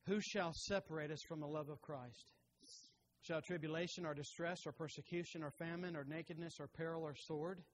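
A man preaching a sermon as pastor, who rises loud and high on emphatic lines and drops soft and low on tender ones, reading scripture aloud with growing force. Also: fairly even intonation, normal speed, slight background noise.

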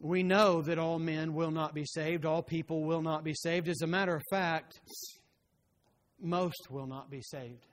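Emphatic preacher man, somewhat high voice. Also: steady tone, unhurried. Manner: emphatic, rising to impassioned pleading; quotes scripture chapter and verse. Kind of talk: sermon.

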